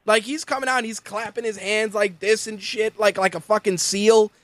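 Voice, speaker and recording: High-voiced animated male wrestling talk host. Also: moderate pace, no echo. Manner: animated, profane, mimics wrestlers and announcers in quotes. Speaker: podcast host. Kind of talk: casual profane wrestling commentary.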